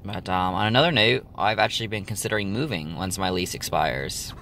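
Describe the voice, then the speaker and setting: A man's voice: deep voice, a little fast, sharp tone, a little hiss or hum. A young man chatting casually to his viewers, rambling with lots of ums and likes. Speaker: vlogger. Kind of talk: casual chat to camera.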